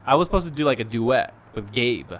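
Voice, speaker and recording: A man's voice: medium pitch, lively intonation, fairly quick. A young man, a podcast guest who chats easily and laughs a lot. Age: young adult. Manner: laughs often, easygoing storyteller. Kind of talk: casual chat.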